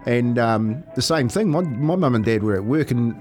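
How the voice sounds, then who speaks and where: A man's voice: mid-range voice, expressive, moderate pace, a little mellow, faint music behind. A middle-aged man with a New Zealand accent, co-hosting breakfast radio, teasing his partner and telling stories with laughs. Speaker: radio breakfast show co-host. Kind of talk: casual chat.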